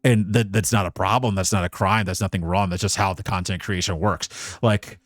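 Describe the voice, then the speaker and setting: A man streaming as a VTuber, giving casual commentary in a rambling, profane, emotionally animated way. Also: deep voice, moderate pace, no room sound, studio quality.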